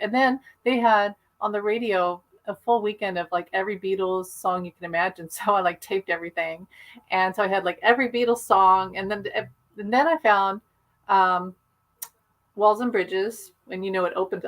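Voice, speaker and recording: A woman's voice: medium pitch, fairly even intonation, normal speed, fairly bright tone, rough recording. A woman chatting casually on a video call, rambling eagerly through her story and laughing often. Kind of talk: casual chat.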